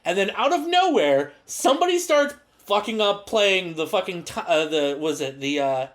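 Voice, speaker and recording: A man co-hosting a podcast, recapping an old episode in casual chat, swearing and mocking characters with quick put-on voices. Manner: profane, animated, mocking quotes in high put-on voices. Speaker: podcast co-host.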